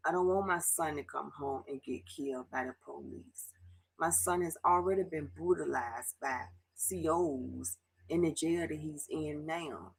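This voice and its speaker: Tearful, gravelly middle-aged woman vlogging. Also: sits low, low-quality recording. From Baltimore, US. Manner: halting, with restarts and drops to a near whisper. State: tearful, fighting back tears. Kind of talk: emotional confessional vlog.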